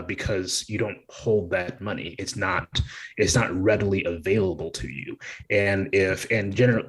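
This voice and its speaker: A man's voice: lowish voice, slightly rough, low-quality recording. A man co-hosting a podcast who works as a tax professional, explaining in a hesitant way with many ums. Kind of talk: casual explanation.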